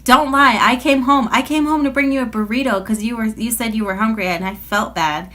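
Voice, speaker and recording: A woman voicing an exasperated mother who scolds her teenage daughter in a sharp, accusing, high-pitched voice. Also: moderate pace, lightly acted. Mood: scolding.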